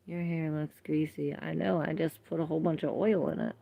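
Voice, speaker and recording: A woman's voice: deep voice, fairly even intonation, normal speed, gravelly, slightly rough, no echo, lo-fi sound. A woman hosting a tarot livestream, rambling in casual chat, laughing often and reacting to viewer comments.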